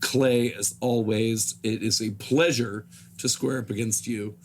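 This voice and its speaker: A hoarse man talking as a podcast guest in casual chat, halting and filling pauses with "uh". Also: lowish voice, fairly even intonation, a little hiss or hum. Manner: halting, with many fillers.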